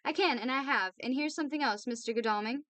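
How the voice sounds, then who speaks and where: A woman's voice: high-pitched, fast, fairly bright tone, dry recording, voice pushed up. A woman voicing a worn-out young woman teacher. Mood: weary.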